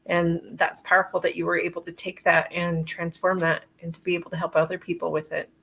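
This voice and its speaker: Woman podcast host, low, husky voice with gravel; affirming and reflective. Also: little pitch movement, brisk, a bit bright. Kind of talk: casual interview conversation.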